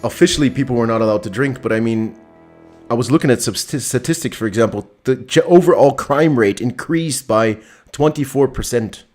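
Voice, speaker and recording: A man's voice: mid-range voice, brisk, darkish tone, faint music behind. A man co-hosting a live stream, upbeat, reading out viewer comments and laughing easily. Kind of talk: casual live-stream chat.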